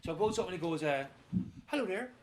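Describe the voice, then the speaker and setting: A young man hosting a podcast, telling crude stories in rapid, animated casual chat and acting out the people in them. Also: a little high, over a noisy crowd. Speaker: podcast host.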